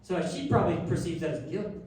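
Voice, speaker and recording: Young guy preaching, animated self-deprecating stories, far away in a big echoey church. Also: high-pitched, fast, a little hiss or hum. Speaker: pastor. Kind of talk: sermon with personal storytelling. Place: church sanctuary.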